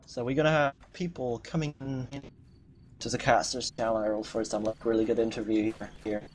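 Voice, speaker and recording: A man's voice: medium pitch, level tone, moderate pace, a little hiss or hum. A man casting an online game match and interviewing players, thinking aloud in an upbeat, chatty way over a headset. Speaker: tournament caster. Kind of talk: live game commentary and interview.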